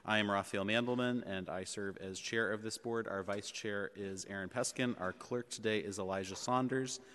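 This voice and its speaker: Deep-voiced guy chairing a board meeting, lots of ums, big echoey chamber. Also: fairly even intonation, a bit bright, clean tone. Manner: measured, with frequent ums and uhs. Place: legislative chamber in city hall. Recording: long reverb of a large chamber.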